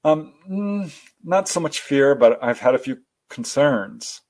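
Animated, laughing male storyteller. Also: mid-range voice, slow. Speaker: guest. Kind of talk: casual interview conversation.

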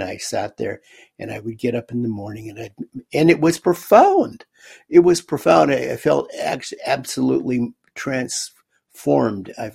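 A man, a guest author in an interview, recounting a personal story in a halting way, often repeating words as he goes. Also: mid-range voice, creaky, a little mellow, husky.

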